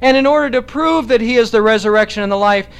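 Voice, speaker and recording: A man preaching a sermon in a measured, emphatic way, slowing down to stress key phrases. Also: extremely high pitch, clear, resonant tone.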